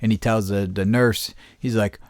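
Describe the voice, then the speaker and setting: A man's voice: fairly low pitch, normal speed, no room sound, studio quality. A man hosting a podcast, telling a story in casual chat, swearing often and laughing as he goes. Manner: profane, animated, laughing storyteller. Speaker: podcast host.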